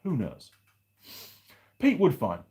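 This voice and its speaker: A man's voice: on the high side, wildly swooping pitch, takes it slowly, mellow. A man hosting a live stream from his workshop, chatting casually and rambling through viewer comments with restarts and asides. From United Kingdom. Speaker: livestream host. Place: home workshop.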